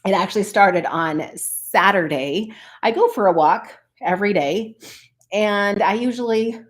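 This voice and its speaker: A woman's voice: medium pitch, measured pace. A woman who coaches online business, talking to her viewers in an earnest, chatty way and often calling them "you guys". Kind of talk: casual motivational vlog talk.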